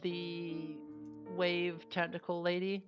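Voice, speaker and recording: A woman's voice: on the low side, flat delivery, takes it slowly. A woman playing in a tabletop game, joking and casually swearing. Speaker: player. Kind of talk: casual chat. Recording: lo-fi with music behind.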